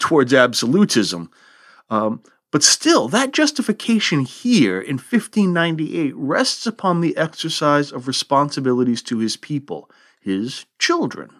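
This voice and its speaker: Lively-voiced man narrating history. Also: medium pitch. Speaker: history podcast host.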